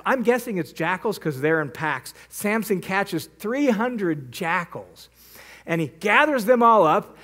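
A man teaching as a Bible teacher, retelling a story in a lively, conversational way with frequent asides. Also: high-pitched. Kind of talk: casual storytelling lesson.

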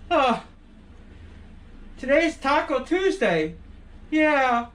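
A woman's voice: sits high, animated, slow, long pauses. A woman hosting a comedic vlog, sighing in a melodramatic, mock-emotional way. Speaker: vlogger.

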